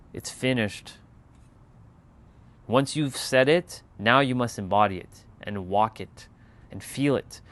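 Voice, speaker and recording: A man's voice: lowish voice, a bit bright. A man hosting a casual motivational livestream, talking emphatically with lots of repetition and casual swearing. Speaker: channel host.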